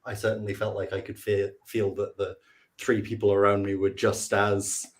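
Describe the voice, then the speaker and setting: A man's voice: fairly low pitch, completely flat delivery, normal speed. A young man, a student quiz contestant, recalling his experience in casual chat with an earnest manner. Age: young adult.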